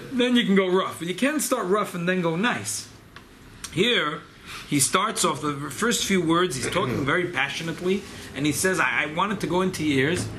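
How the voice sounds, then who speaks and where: A man teaching a Torah class to a small gathering, animated and emphatic, sprinkling in Hebrew and Yiddish terms. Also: high voice, moderate pace, a little hiss or hum. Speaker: rabbi leading a study gathering.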